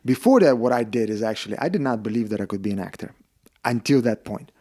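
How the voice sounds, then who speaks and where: A podcast guest with a Russian accent and a fairly low voice talks fast, telling stories in a casual interview. He's animated, acting out the dialogue in quoted voices.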